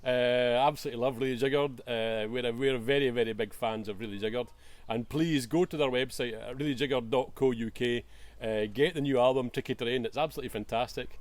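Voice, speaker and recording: A man's voice: medium pitch, steady tone, a little fast, no echo. A Scottish man presenting a casual whisky tasting, enthusiastic but full of hesitant fillers and restarts.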